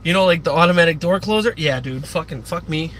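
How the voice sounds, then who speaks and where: A man's voice: on the high side, quick pace. A young man chatting casually on a live stream, rambling and swearing with lots of fillers, a bit out of breath. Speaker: livestreamer. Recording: outdoor street noise behind.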